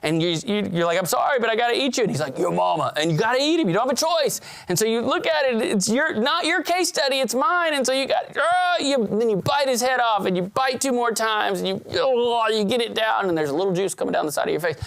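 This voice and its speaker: A man giving a motivational talk to students, telling stories in a lively way with big swings in pitch. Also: a little fast, vocal fry, hardly any pauses. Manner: animated storyteller who swings his pitch widely and acts out scenes. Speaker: speaker at a student leadership event.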